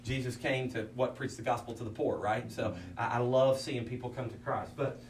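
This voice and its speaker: A man's voice: medium pitch, fairly even intonation, moderate pace. A man, a pastor, preaching in a folksy, anecdotal way with many asides. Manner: folksy storyteller, many "I mean" asides, acts out quotes. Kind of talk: anecdotal preaching to fellow ministers. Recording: roomy sound from a distance with faint hum.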